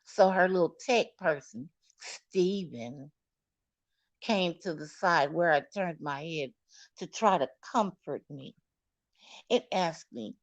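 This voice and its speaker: A woman's voice: low voice, expressive, slow pace, no echo, muffled recording. A woman recounting a personal story to viewers in a candid, dramatic way, cursing freely. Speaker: storyteller vlogger.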